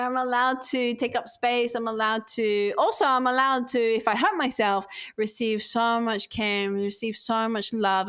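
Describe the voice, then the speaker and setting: Woman, podcast guest, candid and animated storyteller, middle pitch. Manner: animated, expressive, acts out her own thoughts. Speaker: podcast guest, self-healing coach.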